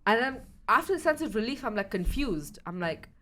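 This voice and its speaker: A woman's voice: on the high side, very animated, fairly quick, bright, forceful tone. Young woman podcast cohost, rambly storytelling, lots of swearing, slight background hiss. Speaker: podcast co-host. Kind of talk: casual chat.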